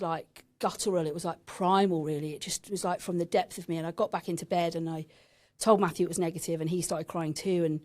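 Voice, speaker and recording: A woman's voice: on the low side, a little mellow. Frank, sweary woman telling her story. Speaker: podcast guest. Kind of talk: candid personal storytelling.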